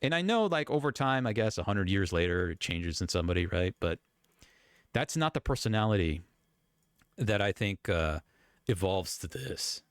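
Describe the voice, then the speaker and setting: A man giving casual reaction commentary as a YouTube commentator, chatty and animated. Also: sits low, normal speed, clear, resonant tone, no echo, studio quality. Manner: animated, chatty, breaking into laughs and voices.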